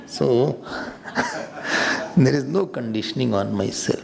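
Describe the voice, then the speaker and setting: A man's voice: mid-range voice, slow, vocal fry, a crowd in the background. A man with an Indian accent giving a spiritual talk to a live audience, teasing listeners and laughing between points. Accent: Indian English. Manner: lively storyteller who acts out quoted voices. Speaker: swami teaching scripture.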